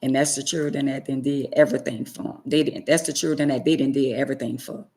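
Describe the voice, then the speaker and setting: Speaking fast with an extremely low, fairly even and slightly mellow voice, this woman lectures her audience straight to camera. She is a vlogger whose preachy talk is emphatic and scolding, with phrases repeated for effect.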